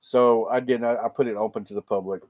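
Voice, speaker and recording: A fast-talking livestream host chats casually with his viewers through a laptop microphone, rambling and laughing often. His mid-range, darkish voice keeps a fairly even intonation.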